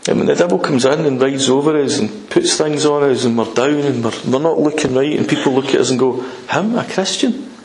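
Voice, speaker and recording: Gravelly preacher in an echoey hall. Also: male voice, medium pitch, fairly even intonation, a little fast, few pauses, a little mellow. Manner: impassioned, acts out prayers in an urgent raised voice. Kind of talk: sermon. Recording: echoey church hall with faint noise.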